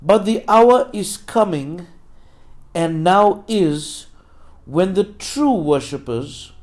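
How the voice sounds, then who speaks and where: Pastor, male, South African English accent, unhurried sermon delivery with rising emphatic repeats, slightly high-pitched. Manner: slow, builds to loud emphatic repetition.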